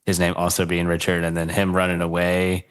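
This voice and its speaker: A man's voice: sits low, monotone, fairly quick, smooth. A man hosting a podcast interview, talking casually with a lot of fillers and reactions. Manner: casual, laughs often, many fillers like dude and uh. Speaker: podcast host. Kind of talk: conversational interview.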